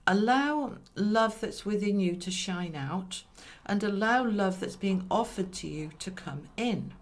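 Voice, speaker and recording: A British woman doing a monthly tarot reading, chatty and reassuring as she draws cards and talks to them. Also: medium pitch. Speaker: tarot reader.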